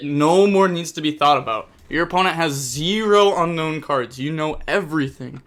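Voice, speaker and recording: A young man with a bright, forward voice narrates a card game match at speed. He grows exasperated and bursts out loudly at his opponent's misplays, then settles back into quick analysis. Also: fairly high pitch, smooth. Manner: fast, exasperated, bursts into loud outbursts. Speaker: host commentating a card game replay. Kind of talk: gameplay commentary.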